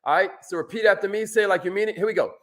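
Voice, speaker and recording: A man hosting a live coaching stream. He is energetic and slangy, calls out viewers by name, and drops into low asides. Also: racing.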